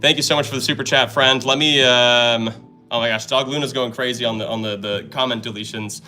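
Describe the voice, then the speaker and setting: A young man hosting a live stream, chatting casually and excitedly while solving puzzles and thanking viewers. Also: medium pitch, brisk, faint music behind.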